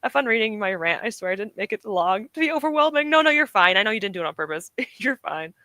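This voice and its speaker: A woman's voice: medium pitch, sing-song, quick pace, sharp tone, dry recording. A young woman streaming from home, chatting casually and encouragingly with her live chat, often laughing. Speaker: streamer hosting reading sprints.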